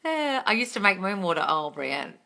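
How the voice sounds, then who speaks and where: Lively, bright-voiced woman coach. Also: medium pitch, moderate pace, creaky. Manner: blunt, swears freely, ranting then laughing. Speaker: manifesting coach. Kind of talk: live-stream Q&A, reading comments aloud. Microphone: phone.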